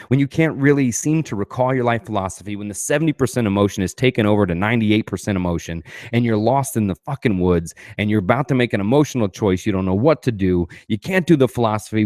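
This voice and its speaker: A man's voice: lowish voice, darkish tone, no room sound, studio quality. A man hosting a podcast, talking through ideas from his own book in a casual, emphatic way, swearing freely and asking rhetorical questions. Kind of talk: casual motivational talk.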